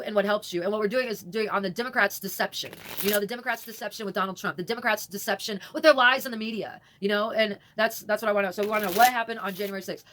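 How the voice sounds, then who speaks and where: A woman talks straight to her viewers while reading cards, her speech quick and tumbling from one tangent to the next. She repeats phrases and drops into quiet muttered asides, in a voice of middling pitch. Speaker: channel host doing a tarot reading. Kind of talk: rambling casual talk to camera.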